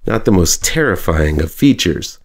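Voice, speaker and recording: Brief: deep, gravelly man, sarcastic film reviewer, dry delivery. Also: sing-song, moderate pace. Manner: dry, mocking. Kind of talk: sarcastic movie review monologue.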